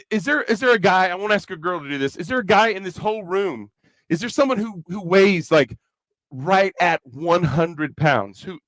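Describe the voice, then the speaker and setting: A man's voice: high voice, no echo, poor audio. A man with a Kentucky accent giving a chatty, joking sermon to a youth rally. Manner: chatty, joking, animated preaching. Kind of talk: conversational sermon with comic asides.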